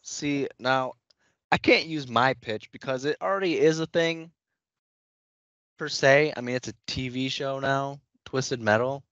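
Laid-back man co-hosting a gaming podcast, mid-pitched, trails off, dry lo-fi recording. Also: a little slow, fairly bright tone, dry recording. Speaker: podcast co-host. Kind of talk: casual chat.

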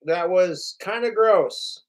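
Speaking slowly with a high voice, this livestream host delivers a casual, profane, boastful rant, performing the quoted lines of others.

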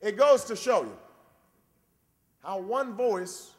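A man in his forties giving a campaign speech, telling a dry, wry story and then building to a shouted rallying close. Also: sits high, big pitch swings, takes it slowly. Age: 40s. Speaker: presidential candidate. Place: large convention hall. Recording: long reverb of a big convention hall.

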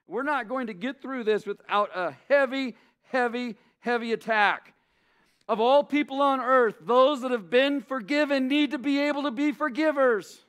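A man's voice: very high voice, a bit bright, clear, resonant tone. A male pastor, preaching a sermon with passion and repeating phrases for emphasis.

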